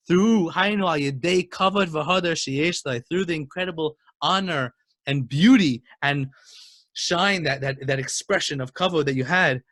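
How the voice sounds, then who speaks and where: A man's voice: fairly high pitch, dry recording, studio quality. Emphatic man teaching a Torah lesson. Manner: emphatic, building to excited exclamations.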